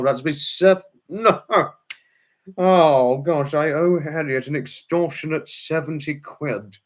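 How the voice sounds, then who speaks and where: A man chatting live to viewers, answering comments in a rambling, fussy way with many restarts and exclamations. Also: on the high side. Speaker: live streamer. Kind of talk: casual chat answering viewers.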